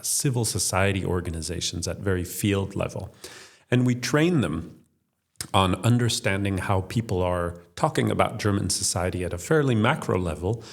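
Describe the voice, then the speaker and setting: A man with a gravelly, creaky voice gives structured interview answers, walking through his points one by one. His voice sits a little low. He speaks as the head of a think tank. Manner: structured, explanatory, lists points in order. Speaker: think tank chief executive, podcast guest.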